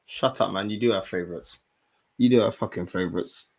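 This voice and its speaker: A man's voice: sits low, a little fast, creaky. Slangy young guy telling a story. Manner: animated, slangy, swears, repeats himself. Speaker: streamer and fan channel host. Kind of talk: casual storytelling chat.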